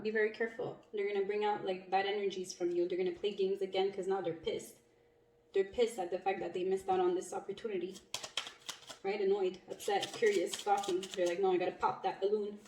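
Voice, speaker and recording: A woman's voice: medium pitch, a little mellow. A woman giving a casual, blunt tarot reading, swearing freely and laughing often. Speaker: tarot reader. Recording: echoey room, mic at a distance, faint noise.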